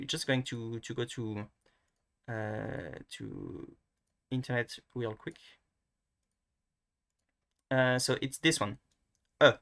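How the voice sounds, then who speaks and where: A man with a French accent talks through a pronunciation lesson at a middle pitch. He is a French native speaker who thinks aloud, trips over his words and fills pauses as he goes. The delivery is casual and unhurried. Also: vocal fry, fairly bright tone. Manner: hesitant, many restarts and fillers, thinking aloud. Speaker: language tutor. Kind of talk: casual screen-recorded lesson.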